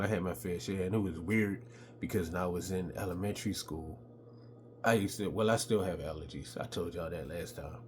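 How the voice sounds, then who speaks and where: A middle-aged man telling stories from his childhood in a laid-back, casual way, with a high voice when he quotes other people. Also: darkish tone, a little hiss or hum. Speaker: podcast host telling stories. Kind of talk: casual storytelling.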